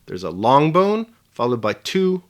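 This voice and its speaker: A man presenting a scripted video lesson with a measured, emphatic delivery. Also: mid-range voice, big pitch swings. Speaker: teacher.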